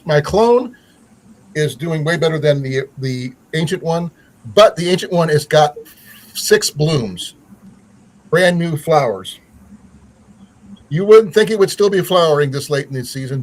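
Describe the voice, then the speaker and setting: A man's voice: fairly high pitch, animated, a little slow, long pauses, poor audio. A man hosting a casual livestream chat, rambling with many fillers and restarts. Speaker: channel host.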